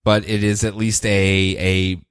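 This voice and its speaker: A man co-hosting a podcast who recaps comics in an animated, joking way, acting out scenes. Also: fairly low pitch, measured pace, clear, resonant tone, dry recording, studio quality. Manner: animated, acts out scenes and laughs often. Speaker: podcast co-host.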